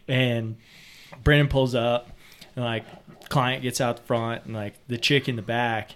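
Young man, fishing guide, rambling stories, laughing, mid pitch, casual podcast. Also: steady tone, unhurried, slight background noise. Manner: rambling, laughing, acts out quotes loudly.

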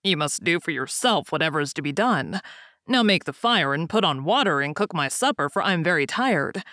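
A woman reading a storybook aloud, voicing a stern male fiddler who scolds his wife slowly and firmly. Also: sits low, expressive, bright, forceful tone, dry recording, studio quality. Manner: scolding, slow and firm. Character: gruff stern male fiddler, a disguised king.

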